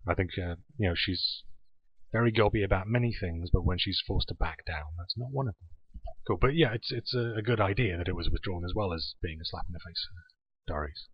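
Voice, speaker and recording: A man's voice: deep voice, brisk, slightly rough, dry recording. A man hosting a casual podcast chat, reading out news items with sarcastic asides. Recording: dull lo-fi podcast audio.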